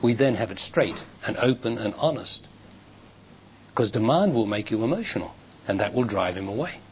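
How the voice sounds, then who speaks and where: Man giving a measured spiritual talk. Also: on the low side, animated. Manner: measured, emphatic, rises sharply when quoting others. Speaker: spiritual teacher. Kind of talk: public talk answering questions. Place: lecture hall with audience. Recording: dull lo-fi 1990s recording with faint hiss.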